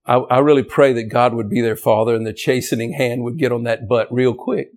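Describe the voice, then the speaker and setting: A man preaching an impassioned sermon, emphatic and repetitive, climbing toward near-shouting on key points. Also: mid-range voice, steady tone, fairly quick.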